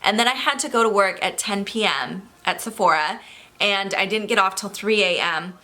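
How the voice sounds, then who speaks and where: Bright-voiced chatty woman vlogger. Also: medium pitch. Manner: chatty and enthusiastic, talks fast. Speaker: beauty vlogger. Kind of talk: casual product review.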